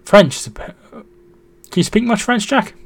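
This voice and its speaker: The voice sits high, with vocal fry and normal pacing, and there's no room sound. It's a young man hosting a casual football live stream who reads chat, thanks viewers, calls match updates, trails off to restart, and shouts when goals are scored.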